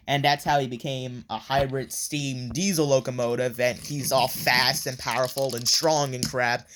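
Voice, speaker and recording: A man's voice: medium pitch, fairly bright tone, a little hiss or hum. A man casually recapping a story in a rambling review, with many fillers and offhand swearing.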